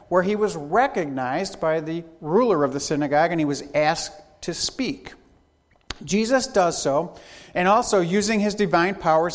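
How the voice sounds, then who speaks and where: A man preaching a sermon in a church, speaking in an unhurried, emphatic way with long pauses. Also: sits high. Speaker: pastor. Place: church sanctuary. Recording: long hall reverb.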